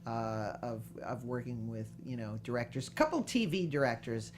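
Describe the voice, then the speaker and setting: Female podcast host, low voice, chatty and animated storyteller. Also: moderate pace. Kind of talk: casual interview chat.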